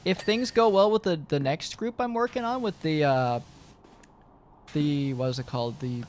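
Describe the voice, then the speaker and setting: A man's voice: a little high, moderate pace, a little hiss or hum. A young man streaming, chatting casually to his viewers in a rambling way, full of fillers and swearing.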